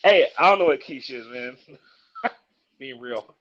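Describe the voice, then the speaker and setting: Man co-host, short joking interjections, mid pitch, muffled lo-fi sound. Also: lively intonation, measured pace. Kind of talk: casual conversation. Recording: dull lo-fi sound.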